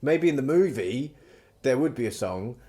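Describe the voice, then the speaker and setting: A man's voice: medium pitch, expressive, normal speed, mellow. A man hosting a podcast, chatting casually and rambling through a story, swearing freely and acting out quoted lines. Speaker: podcast host. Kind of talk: casual chat.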